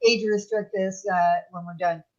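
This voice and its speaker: A woman hosting a casual livestream chat, teasing her co-hosts and bursting into loud laughter. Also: on the low side, fairly even intonation, normal speed, dull audio, a loud crowd. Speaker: livestream show host.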